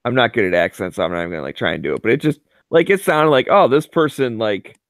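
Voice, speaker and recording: A man's voice: mid-range voice, lively intonation, fast talker, no room sound. A man telling a rambling story in casual chat, full of "like" and fillers.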